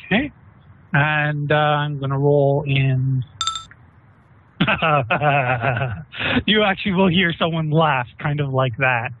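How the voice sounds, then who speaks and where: A man's voice: a little high, measured pace, a little hiss or hum. Game master man on a tinny call. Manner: relaxed, chatty, asks players what they do. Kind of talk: narrating a tabletop game. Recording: tinny phone-like online call.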